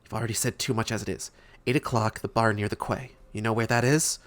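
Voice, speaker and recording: A man voicing a mysterious male caller who speaks barely above a whisper, in a low, quiet voice. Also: fairly even intonation, quick pace, lightly acted. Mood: hushed, secretive.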